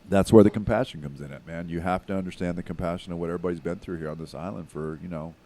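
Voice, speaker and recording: A man's voice: deep voice, steady tone, very fast, mellow, slight background noise. A middle-aged man from Hawaii, a podcast guest who talks in an emphatic, profane, casual way.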